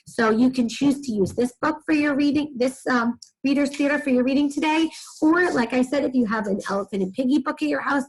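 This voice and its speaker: A woman teacher talks young children through a reading lesson, giving steady encouragement and addressing them directly. Her voice sits fairly high for a woman and has a husky, breathy texture. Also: low-quality recording.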